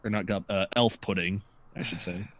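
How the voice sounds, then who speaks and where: Low-voiced man running a tabletop game. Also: fairly even intonation, normal speed. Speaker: game master.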